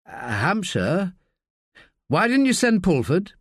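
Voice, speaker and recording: A man reads a middle-aged detective, terse and guarded, keeping replies short. The voice sits a little high with a lively lilt, recorded close and dry. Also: slow pace, slightly rough, dry recording, exaggerated voice.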